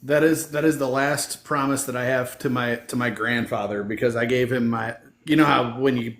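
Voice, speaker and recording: A man's voice: mid-range voice, fairly even intonation, normal speed, a bit bright. Man talking in an echoey room. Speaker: podcast host. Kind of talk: casual conversation. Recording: echoey room with faint hiss.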